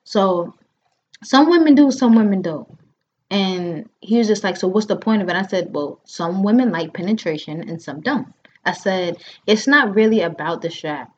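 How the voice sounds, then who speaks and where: A woman in her thirties tells a story in a relaxed, chatty way, and her voice jumps up whenever she acts out a line someone said. The recording sounds dull and lo-fi. She talks at a middle pitch for a woman. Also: moderate pace, slight background noise. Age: 30s. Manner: animated, acts out quotes, frequent fillers. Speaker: podcast host. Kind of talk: casual chat, storytelling.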